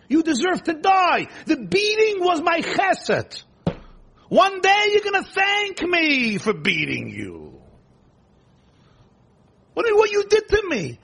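A man voicing a furious, self-righteous prophet who rants shrill, indignant accusations. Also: sharp tone, exaggerated voice.

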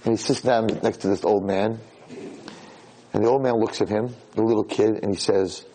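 A man telling a story to an audience as a religious lecturer, animated and emotional, often rambling. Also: lowish voice, normal speed. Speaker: Torah lecturer.

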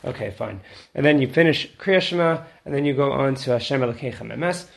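A man teaching how to lead prayer, explaining quickly in plain talk and then chanting the tunes slowly to show them. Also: medium pitch, vocal fry. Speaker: prayer leader instructor. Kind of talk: teaching lesson with chanted demonstrations.

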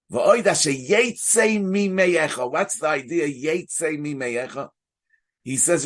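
Man teaching Torah in a lively voice. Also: medium pitch. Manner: weaves Hebrew quotes with English explanation, repeats phrases. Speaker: rabbi. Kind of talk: Torah lecture.

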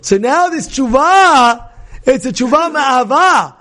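Slow and very high-voiced, a man teaches Torah through animated storytelling. He performs the dialogue, often restarting, and his volume swings between loud and soft.

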